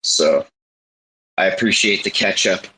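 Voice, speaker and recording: A man's voice: deep voice, a little slow, bright, forceful tone, a little hiss or hum, poor audio. A man in casual chat, joking and teasing while swearing freely.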